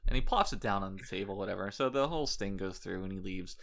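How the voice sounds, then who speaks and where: A man hosting a casual podcast chat, telling animated stories with crude, irreverent humor. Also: low voice, fast, vocal fry, few pauses. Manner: animated storyteller, acting out quoted people. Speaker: podcast host.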